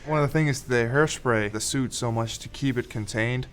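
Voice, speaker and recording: A man interviewed as an actor, relaxed with a dry sense of humor. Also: medium pitch, moderate pace, a little hiss or hum. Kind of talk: casual interview chat.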